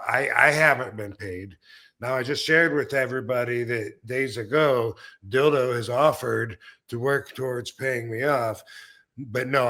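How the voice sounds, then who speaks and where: A man's voice: mid-range voice, bright, forceful tone. A man hosting a podcast in casual chat, rambling with many fillers and restarts, and laughing between remarks. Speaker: podcast host.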